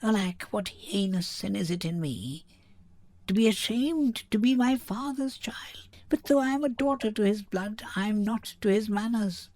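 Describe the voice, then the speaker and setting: A woman's voice: medium pitch, lively intonation, moderate pace, hardly any pauses, dark tone, no room sound, close to an everyday voice. A woman reading a wistful young daughter. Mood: yearning. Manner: wistful, earnest verse. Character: unhappy young daughter longing to elope. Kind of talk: dramatic reading.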